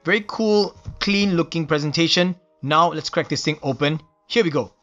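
Man, Singaporean accent, slightly high voice, casual unboxing talk, eager exclamations, faint music behind. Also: moderate pace, a bit bright, dull audio. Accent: Singaporean English. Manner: enthusiastic, admiring exclamations over details. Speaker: knife reviewer.

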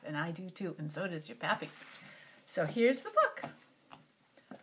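An older woman reading a picture book aloud to a child, animated and stopping often to talk to the little one. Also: lowish voice, a little slow, pauses often, slight background noise.

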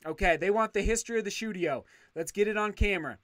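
A man's voice: high voice, fast, fairly bright tone, dry recording, studio quality. A man hosting a casual livestream, reading viewer comments aloud and thanking them effusively, often restarting his sentences. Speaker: channel host reading live chat.

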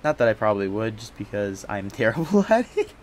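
A man's voice: fairly low pitch, big pitch swings, fairly quick, a little hiss or hum. Rambling young man streaming a game. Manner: rambling, thinks aloud with frequent restarts; casual slang, self-mocking. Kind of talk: live gameplay commentary. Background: game music.

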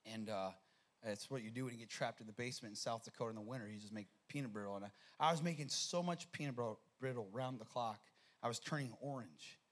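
A man preaching a sermon as pastor, telling a story with animated energy and frequent repeated words. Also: mid-range voice, fast talker. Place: church sanctuary.

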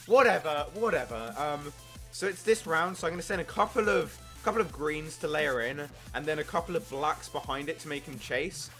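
An excitable young man giving casual gameplay commentary, jumping into yelps when things go wrong. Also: a little high, fairly quick, faint music behind. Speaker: gaming YouTuber.

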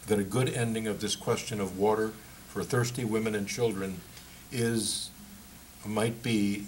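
A man's voice: on the low side, slight background noise, lightly acted, low-quality recording. A man reading the lines of a young emigrant who speaks hesitantly and with great deference, groping for words. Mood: coaxing. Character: German Polish emigrant, deferential, halting.

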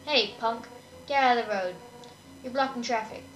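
A woman reading the lines of a bored, brusque small-town police officer from a game, louder than her own talk. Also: fairly high pitch, normal speed, distant mic, natural voice. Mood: gruff. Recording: echoey room with game music.

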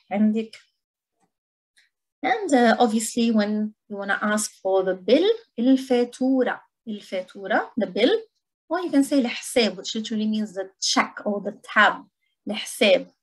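A woman with a Lebanese accent teaching a language lesson, repeating each word slowly and clearly for learners. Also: mid-range voice, animated, low-quality recording.

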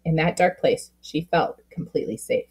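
Husky woman reading a storybook aloud. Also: deep voice, moderate pace, a little mellow. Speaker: storybook reader. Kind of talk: reading a children's book aloud.

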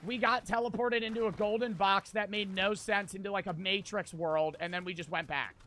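A man streaming gameplay in casual commentary, brash and profane, answering chat with quick irritation. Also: sits high, steady tone, bright, forceful tone. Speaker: streamer playing a battle royale game.

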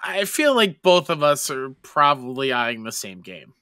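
A man's voice: medium pitch, very animated, measured pace, pushed and bright, clear, resonant tone, no room sound, clean studio sound. A man co-hosting a podcast, chatting in an easygoing, agreeable way. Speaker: podcast co-host. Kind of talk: casual chat.

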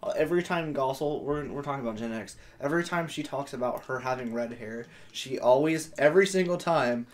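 A young American man co-hosting a casual gaming chat, chatty and teasing. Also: mid-range voice. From United States. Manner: chatty, teasing, quick to joke. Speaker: co-host.

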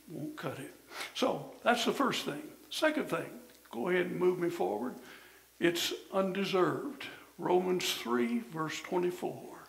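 Older male preacher, gravelly and high-pitched. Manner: emphatic preaching, rising to shouts then dropping low. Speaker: pastor. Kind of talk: sermon. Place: church. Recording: echoey church sanctuary.

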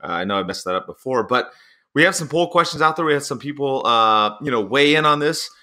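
A man hosting a sports podcast in casual chat, a chatty and animated storyteller. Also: mid-range voice, a little fast. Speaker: podcast host.

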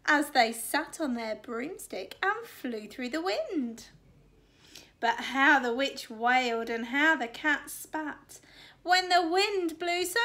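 A woman's voice: high voice, sharp tone. A woman teacher reading a rhyming picture book aloud to children, with a sing-song rhythm. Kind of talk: expressive storybook read-aloud.

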